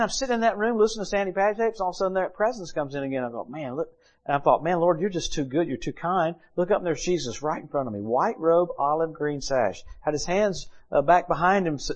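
A middle-aged man preaching a sermon, reading Bible verses and telling stories with lively humor. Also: a little high.

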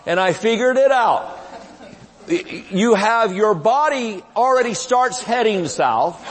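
A man in his fifties preaching a humorous, lively sermon at a live conference, laughing as he talks and shouting some lines. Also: high-pitched, slow pace. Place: large church sanctuary. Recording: live sermon with long hall reverb.

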